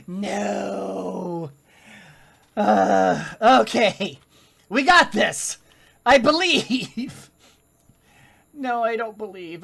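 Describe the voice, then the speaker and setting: Woman gamer doing let's play commentary, slow drawn-out talk, lots of groaning and laughing at setbacks. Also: medium pitch, vocal fry. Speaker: gaming channel host.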